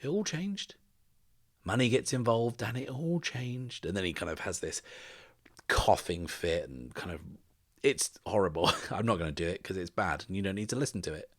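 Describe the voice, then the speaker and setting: A man's voice: low voice, animated, moderate pace. A man runs a solo tabletop game for his podcast. He talks casually, thinking aloud as he goes, with fillers between ideas.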